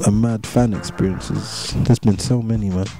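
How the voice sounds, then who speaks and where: A man's voice: on the low side, fairly even intonation, normal speed. A young English man, a rapper, chatting casually in an interview with a London street accent and heavy slang, repeating himself in a laid-back way. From England. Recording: music playing under voice.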